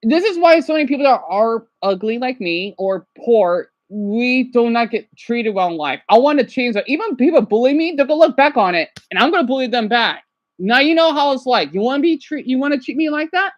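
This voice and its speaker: High, swooping voice of an agitated young man. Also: animated, brisk, no room sound, highs cut off. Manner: agitated, rambling, swings from quiet mutters to loud outbursts; shouts at someone off to the side. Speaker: livestreamer reacting to videos. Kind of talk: casual livestream reaction chat.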